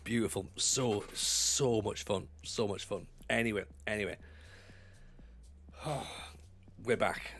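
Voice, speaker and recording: A man's voice: on the low side, takes it slowly, pauses often, a little hiss or hum. A man streaming from home, chatting casually and animatedly with his live chat. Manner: chatty, animated, often laughs.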